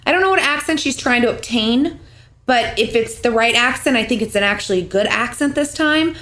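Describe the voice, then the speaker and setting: A woman's voice: on the high side, lively intonation, a bit bright. A woman co-hosting a podcast, teasing her co-host in casual chat about a TV show. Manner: teasing, quick to laugh.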